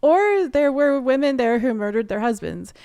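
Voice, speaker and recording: A woman artist and photographer from Canada, telling her story in a casual interview in a lively way and laughing often. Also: sits high, normal speed, smooth.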